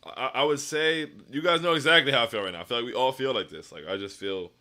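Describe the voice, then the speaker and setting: With a mid-range voice that is fast and sharp yet lively in intonation, this stream host works through chat comments after a losing game. He sounds down and dejected, repeatedly restarting what he's saying.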